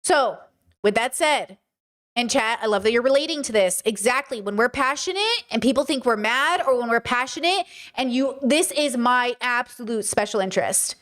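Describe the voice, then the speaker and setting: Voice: medium pitch, expressive, normal speed, fairly bright tone. A livestream host delivering an impassioned, profane lecture to viewers and answering chat comments along the way.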